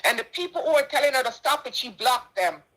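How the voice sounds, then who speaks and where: A woman's voice: sits high, expressive, fast talker, fairly bright tone, low-quality recording. A middle-aged Jamaican woman making an impassioned personal statement, indignant and emphatic, repeating her points. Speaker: charity donor responding to a dispute.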